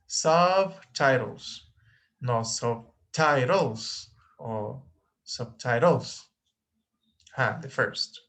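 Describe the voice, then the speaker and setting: A man leads an online English lesson at an unhurried pace. His voice sits at an everyday middle pitch, and he patiently repeats words so the students can follow. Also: fairly bright tone. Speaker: English teacher. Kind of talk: online class instruction.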